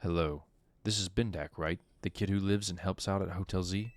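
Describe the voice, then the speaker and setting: A man's voice: low voice, fairly even intonation, natural voice. A man reading a polite, menacing loan-shark caller. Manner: politely threatening, measured.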